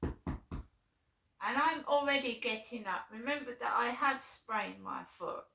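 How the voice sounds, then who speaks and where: A woman vlogs a long, rambling, aggrieved retelling, often asking "right?" along the way. Her voice is a little high, gravelly, and slow, and the recording has a noisy background and a roomy echo.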